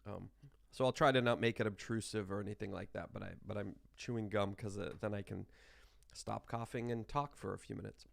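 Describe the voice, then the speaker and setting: A man's voice: lowish voice, steady tone, fairly quick, vocal fry, no room sound, clean studio sound. A man teaching a math class in an informal, explaining way, holding back a cough while chewing gum. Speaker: math instructor. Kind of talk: class lecture.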